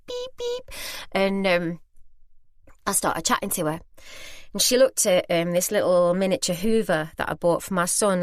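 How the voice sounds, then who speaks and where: A woman's voice: fairly low pitch, no echo. A British woman in her thirties hosting a podcast, telling a personal story in a chatty, candid, self-deprecating way. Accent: British English. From Britain. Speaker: podcast host.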